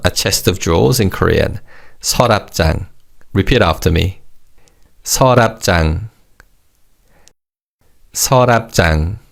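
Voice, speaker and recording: Male language teacher, low gravelly voice with a lively up-and-down delivery, measured drill pacing, brief praise. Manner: slow English explanations and repeated target words; upbeat praise after each drill. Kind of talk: scripted vocabulary lesson.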